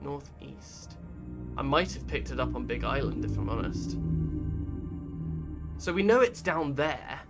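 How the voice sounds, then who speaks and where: A man's voice: mid-range voice, sing-song, measured pace, vocal fry, pauses often. A man giving rambling, casual commentary while streaming a game and reading out chat messages. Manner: chatty, rambling, reads chat aloud. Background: game music.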